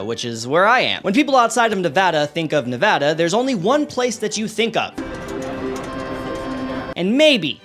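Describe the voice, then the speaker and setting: A young online creator gives sarcastic, animated comedic commentary over a map. He uses big jumps in pitch for emphasis.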